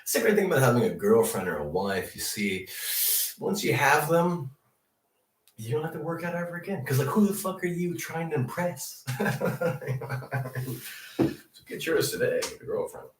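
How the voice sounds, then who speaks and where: A man's voice: on the high side, moderate pace. A young man hosting a comedic news show, rambling through profane stories with frequent laughter. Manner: profane, laughing, animated storytelling. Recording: echoey room, distant mic.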